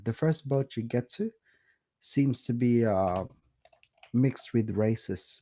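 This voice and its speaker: A man narrating as game master, relaxed and hesitant with many fillers. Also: medium pitch.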